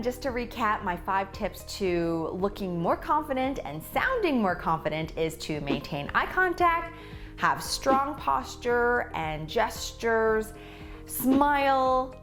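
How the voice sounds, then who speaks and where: A woman public speaking coach giving a scripted video lesson, delivering her points clearly and emphatically, often checking in with a "right?". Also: on the high side, big pitch swings, takes it slowly, a bit bright, faint music behind.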